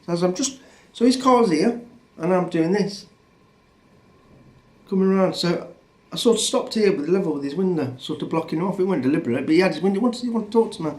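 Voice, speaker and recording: A man's voice: high-pitched, animated, a little fast, pauses often, a little mellow. A man in his fifties telling a story as a vlogger, blunt and sweary, rambling with many restarts. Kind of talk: casual storytelling rant.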